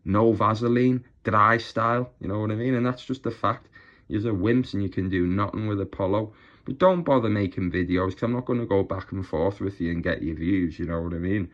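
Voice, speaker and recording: A man's voice: on the low side, brisk, dull audio. A man on a YouTube channel delivering a mocking, boastful rant straight to his rivals. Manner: taunting, boastful, scornful.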